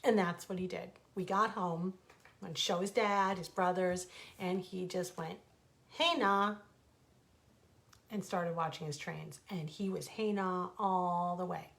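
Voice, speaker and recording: A middle-aged woman, an author, telling a personal story from home in a casual, animated way, rambling with asides and self-corrections. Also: fairly low pitch, measured pace, gravelly. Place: her home.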